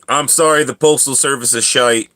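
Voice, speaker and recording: Bright-voiced man ranting on a stream. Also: mid-range voice, moderate pace. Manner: animated, ranting, coughs and clears throat. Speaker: livestream host. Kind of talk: casual chat with viewers.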